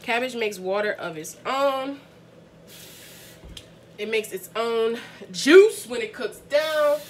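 A woman's voice: on the high side, expressive, slow, slight background noise. A young woman from the Bronx, chatting casually to viewers as she cooks dinner in her home kitchen, laughing often. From the Bronx, New York. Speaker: family vlogger cooking dinner. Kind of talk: casual cooking vlog chat.

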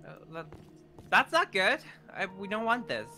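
A flustered, stammering man speaking in character for a Minecraft roleplay, tripping over his words. His tone is bright and forceful. Faint music runs underneath. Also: high-pitched, huge pitch swings, unhurried. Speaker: roleplay player.

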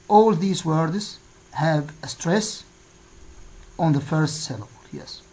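Slow, deliberate woman teacher. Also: sits low, expressive, mellow, rough recording. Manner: slow, deliberate, pausing after each answer. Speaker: English teacher. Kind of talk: classroom lesson, reading exercise answers aloud.

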